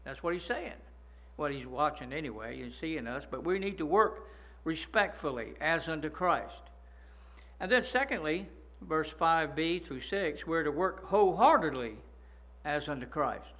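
A man preaching a sermon, folksy, slowing down to stress his points and asking the congregation for agreement. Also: on the high side, expressive, a bit bright. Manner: slows down to stress key phrases. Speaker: pastor.

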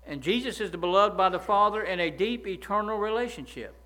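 A man's voice: high-pitched, animated, fairly quick, pushed and bright. A man preaching a sermon, emphatic, often stopping to ask his listeners "right?" and repeating words as he goes.

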